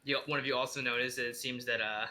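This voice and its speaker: A man's voice: medium pitch, steady tone, fast, pushed and bright. A man running a tabletop game as dungeon master, narrating casually with many fillers.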